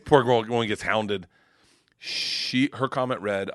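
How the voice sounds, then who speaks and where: A male comedian guest telling a profane, animated story on a podcast, laughing as he goes. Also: lowish voice, unhurried, dry recording, studio quality.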